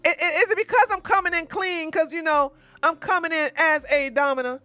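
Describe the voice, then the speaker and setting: A woman's voice: very high voice, brisk, bright, forceful tone, no room sound. A woman hosting a casual livestream, chatty and exclamatory, thanking viewers by name. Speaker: livestream host.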